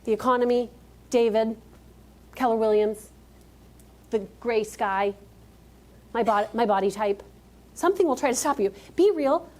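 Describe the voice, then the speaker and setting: Female keynote speaker, 30s, pitched a bit high, energetic, jokey, works the room directly. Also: a little slow, long pauses. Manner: energetic, joking, talks straight to the audience. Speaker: motivational speaker. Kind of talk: live keynote speech. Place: conference stage before a live audience.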